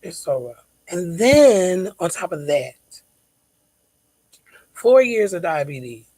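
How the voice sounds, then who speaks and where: A mother vlogs about her child's diabetes in a casual venting style, speaking emphatically, repeating words for stress and sometimes dropping to near-whispers. Her lowish voice is warm, sing-song and slightly rough, and she takes her time. The recording is rough but has no echo.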